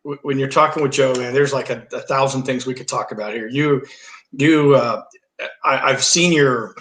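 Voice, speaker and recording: A man's voice: mid-range voice, moderate pace, fairly bright tone, a little hiss or hum. A man co-hosting a radio interview, asking his guest easygoing, admiring questions. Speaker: guest co-host. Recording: roomy echo.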